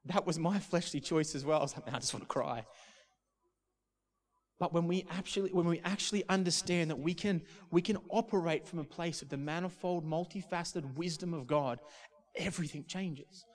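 A man's voice: a little high, moderate pace. A man, a pastor preaching a sermon through a personal story, restarting and repeating words as he talks.

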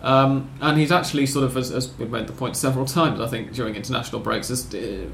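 A man's voice: mid-range voice, fast talker, vocal fry, a bit bright, echoey room, slight background noise. A man hosting a casual football podcast, talking in long rambling sentences with wry self-corrections. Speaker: podcast host.

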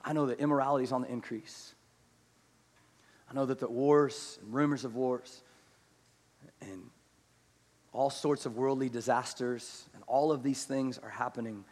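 A man preaching a sermon who moves from hushed, slow scripture reading to loud, rapid exhortation and has the congregation repeat words after him. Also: medium pitch, fairly even intonation. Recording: long hall reverb.

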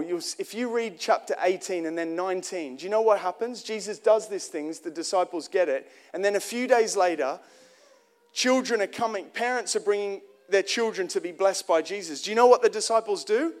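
A man's voice: high-pitched, normal speed. A man preaching a sermon in an earnest, conversational way, often restarting phrases and asking the congregation direct questions.

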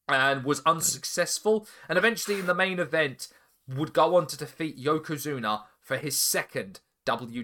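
Bright, animated male podcast host. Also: on the high side. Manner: animated storytelling, swearing, quick laughs. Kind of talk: casual recap chat.

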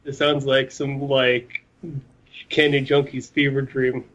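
A man co-hosting a casual podcast over an online call, joking and quick with quips. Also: medium pitch, flat delivery, fairly bright tone, muffled recording. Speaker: podcast co-host. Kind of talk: casual chat.

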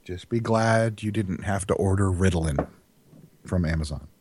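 A man's voice: sits low, normal speed, darkish tone, slight background noise. A man co-hosting a podcast, chatting casually with dry jokes. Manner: wry, joking, laid-back. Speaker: podcast co-host. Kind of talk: casual chat.

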